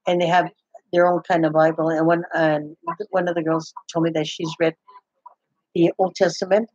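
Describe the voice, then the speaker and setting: Older woman with a husky voice, rambling. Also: low-pitched, little pitch movement, normal speed, a little mellow, no echo. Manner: rambling, full of restarts and "I go". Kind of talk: casual chat. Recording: dull, muffled, lo-fi sound.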